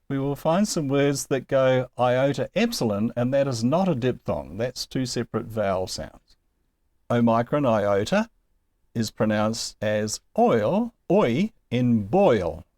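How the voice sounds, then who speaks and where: A man teaches Greek pronunciation slowly and patiently, with a lively voice that rises and falls. The sound is close and dry, with no room echo. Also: medium pitch. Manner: patient, explains step by step with small laughs. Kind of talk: recorded language lesson.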